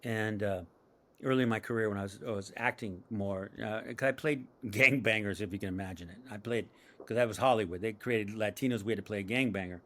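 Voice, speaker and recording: A man's voice: lowish voice, a little fast. A middle-aged man from San Diego, a screenwriter and comedian, telling stories in an interview with laughs and acted-out voices. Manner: animated storyteller acting out voices, laughs often. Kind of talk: storytelling interview.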